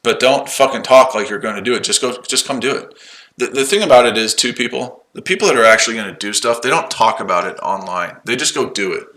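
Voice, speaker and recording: Over poor audio, a man with a bright, forceful, medium-pitched voice talks at a quick pace while running his trading stream from a shed. He's combative and sarcastic, swearing and mocking chat viewers with profane comebacks.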